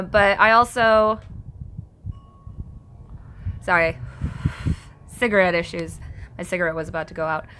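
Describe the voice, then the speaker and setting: A woman's voice: lowish voice, sharp tone. A woman hosting a casual live stream from home. She reads viewer comments aloud and answers them, chatty and self-conscious, laughing often.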